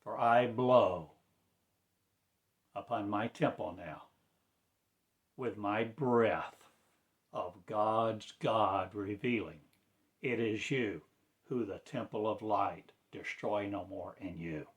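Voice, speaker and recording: Slow, declamatory preaching man. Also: on the low side. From United States. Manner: slow, declamatory, with sudden loud rises. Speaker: self-styled spiritual teacher. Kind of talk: impassioned preaching.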